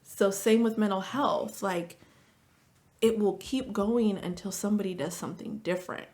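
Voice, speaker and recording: A woman therapist talking casually as a podcast guest, chatty, with lots of "like" fillers and lively storytelling. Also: medium pitch, moderate pace. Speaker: marriage and family therapist.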